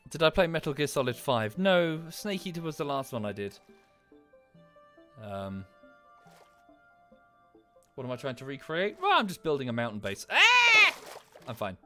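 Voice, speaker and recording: A British man talks through a gaming livestream in loose, enthusiastic rambles, dropping swear words as he goes. His voice sits at an ordinary middle pitch, recorded close on a desk mic with faint game music underneath. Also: very animated, measured pace, long pauses. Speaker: streamer. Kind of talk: casual livestream chat.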